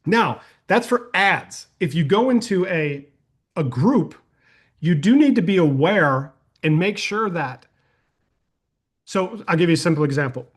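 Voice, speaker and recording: A man hosting a live question-and-answer call, coaching attendees in a folksy, energetic way and telling anecdotes. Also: sits high, unhurried, breathy edge. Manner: energetic and folksy, uses "y'all", tells anecdotes. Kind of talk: casual webinar Q&A.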